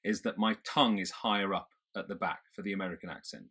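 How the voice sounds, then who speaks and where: Bright-voiced British man explaining accents. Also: low voice, fast, slightly rough. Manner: reflective, explains by describing how sounds feel. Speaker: accent and public speaking coach. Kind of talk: explanatory video tutorial.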